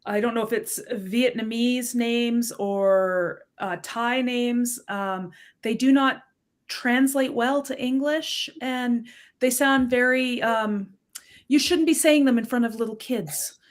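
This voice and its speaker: A woman's voice: a little high, slow pace. A woman, an author and co-host, chatting casually and laughing often. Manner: giggly, chatty. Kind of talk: casual chat.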